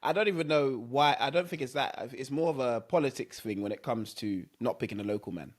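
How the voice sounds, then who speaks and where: A man co-hosting a podcast in casual chat, agreeing readily, laughing often and trying to calm things down. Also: mid-range voice, a little fast. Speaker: podcast co-host.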